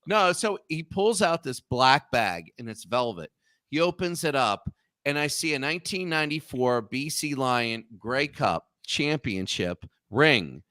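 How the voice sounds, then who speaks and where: A man's voice: medium pitch, a little slow, no room sound. A man in his thirties tells a long, rambling story as a guest on a casual talk show, restarting his sentences as he goes. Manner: rambling, animated anecdote with restarts.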